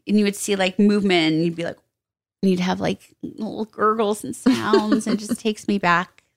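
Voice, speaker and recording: A woman guest in a casual chat, jokey and animated as she tells stories. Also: medium pitch, moderate pace, gravelly.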